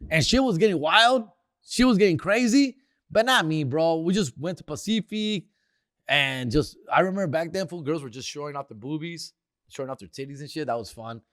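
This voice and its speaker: A man's voice: on the high side, expressive, fairly quick, fairly bright tone, no echo, studio quality. A comedian hosting a casual sports segment, slangy and profane, dropping Spanish words into his talk. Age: older.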